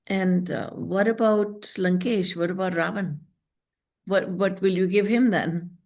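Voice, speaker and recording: A woman spiritual teacher giving a devotional lecture over a video call, earnest and storytelling, slowing down to recite scripture verses. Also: medium pitch, steady tone, gravelly, a little mellow.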